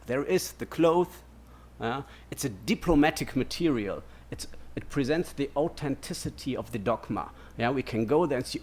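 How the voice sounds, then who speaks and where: A man's voice: mid-range voice, lively intonation, normal speed, few pauses, darkish tone. A man giving an academic lecture in a digressive way, checking in with "yeah?" and "no?" as he goes. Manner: digressive, keeps asking "yeah?" and "no?".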